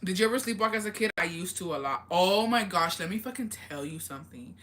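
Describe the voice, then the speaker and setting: Speaking quickly in a lowish register, this woman runs a casual livestream where she goes through viewer comments. She spins animated stories packed with fillers, laughing frequently and swearing without holding back.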